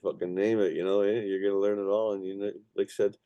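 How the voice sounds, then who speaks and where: A man's voice: lowish voice, level tone, fast, mellow, smooth, no room sound, highs cut off. A man born in Ireland and raised in Canada, talking casually as an interview guest, rambling and profane with many restarts. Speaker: musician guest.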